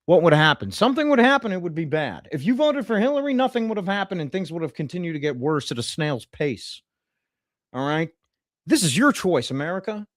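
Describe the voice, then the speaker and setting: A man livestreaming a satirical comedy rant in a mock-pundit persona, rambling with sarcasm and swinging between loud outbursts and muttered asides. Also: on the high side, sing-song, a little fast, no echo, clean studio sound. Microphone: streaming mic.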